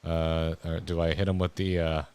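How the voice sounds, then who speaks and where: A man's voice: low voice, flat delivery, moderate pace, darkish tone, slight background noise. A man streaming a video game, joking and muttering casual commentary. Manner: joking, mumbling asides, laughs often. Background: faint game music.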